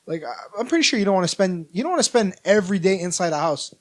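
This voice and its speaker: A man's voice: sits high, big pitch swings, racing. A man, co-hosting a casual podcast and rambling through stories with lots of fillers and restarts. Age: 20s. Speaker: podcast co-host. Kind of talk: casual chat.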